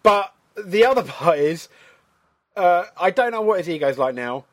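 A man's voice: high-pitched, animated, moderate pace. A man co-hosting a casual wrestling chat, hesitant, stumbling over his words as he weighs his opinions. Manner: hesitant, many fillers and restarts. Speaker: podcast co-host.

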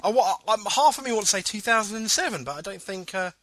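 A man co-hosting a podcast in casual chat, animated, laughing often and repeating himself as he thinks aloud. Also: high-pitched, fast, no echo. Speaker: podcast co-host.

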